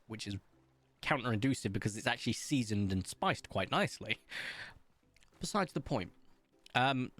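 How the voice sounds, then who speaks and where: Man with a posh English accent. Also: medium pitch. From England, Somerset. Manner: rambling anecdotal storytelling with frequent ums. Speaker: streamer. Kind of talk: casual chat while gaming.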